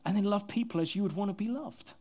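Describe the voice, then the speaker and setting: Male pastor, higher-pitched, delivering an earnest sermon with soft, intimate drops and light self-mocking humor. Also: fast. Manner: earnest, often dropping to soft, intimate tones; self-deprecating humor with bursts of laughter. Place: church service with a congregation.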